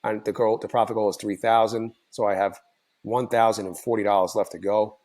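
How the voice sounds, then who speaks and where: A man with a tired, hoarse voice, casually recapping his day's trades for his channel, rambling and correcting himself as he goes. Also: on the low side, flat delivery, brisk, a little mellow. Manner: rambling, self-correcting, many fillers. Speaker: trading channel host. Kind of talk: casual screen-share recap.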